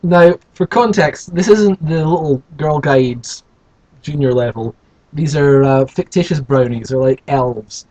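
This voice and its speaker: A man's voice: on the high side, a little slow, mellow, poor audio. A man reading a children's story aloud and breaking off for sarcastic, rambling asides. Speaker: host reading a children's book.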